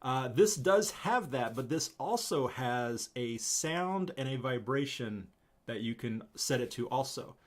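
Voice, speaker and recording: A male host chatting on a live stream in a relaxed, easygoing way. His voice sits at an ordinary middle pitch, and he laughs often as he talks. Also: measured pace. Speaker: channel host. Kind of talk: casual live-stream chat.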